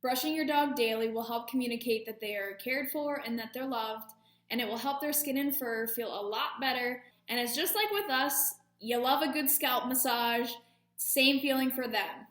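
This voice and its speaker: A woman's voice: a little high, moderate pace, fairly bright tone, roomy sound. A woman service dog training instructor explaining training methods with friendly, self-deprecating asides. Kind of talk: instructional talk.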